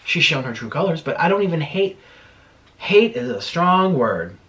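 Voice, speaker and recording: A young man talks casually while eating on camera at home. His voice sits a little high and swings widely in pitch. He is chatty and animated, and he swears when he gets heated. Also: normal speed, highs cut off, a little hiss or hum. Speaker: mukbang vlogger.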